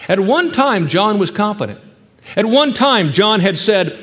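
In a large hall, a pastor with a light, high-pitched voice preaches a very animated sermon at a moderate pace. He is emphatic, climbing into loud rhetorical questions before dropping into soft, hushed stretches.

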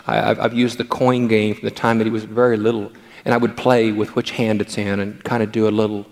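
A man's voice: medium pitch, gravelly, long reverb tail. An older male pastor who gives a sermon through playful anecdotes about family life.

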